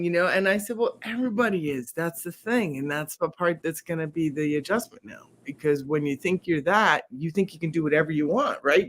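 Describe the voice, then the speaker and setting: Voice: medium pitch, fairly quick, few pauses. A speaker in a casual group discussion, telling stories with animation and acting out quotes. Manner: animated storyteller, acts out quotes.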